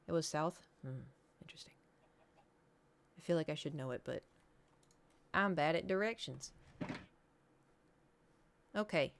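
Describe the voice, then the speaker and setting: Chatty woman streamer, lowish voice. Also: lively intonation, unhurried, vocal fry, pauses often, a little hiss or hum. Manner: rambling, chatty, talks to chat and pet. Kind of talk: casual gaming stream chat.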